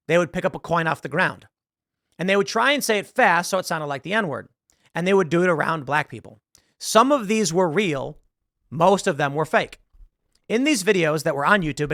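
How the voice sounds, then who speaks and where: Male host, slightly high voice, casual rambling commentary, dry close sound. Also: a bit bright, dry recording. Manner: rambling, conversational, acts out quotes. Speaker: show host.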